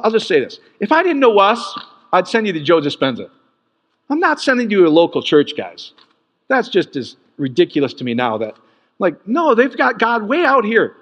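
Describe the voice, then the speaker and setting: A man preaching a sermon in an animated way, jumping from loud bursts to quiet asides. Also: in a large hall, muffled recording. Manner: animated, swings from loud peaks to low asides.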